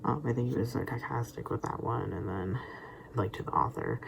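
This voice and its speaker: A man's voice: medium pitch, moderate pace, vocal fry. A young man vlogging in a casual rambling monologue, stammering through restarts and dropping into whispered asides. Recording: steady background noise.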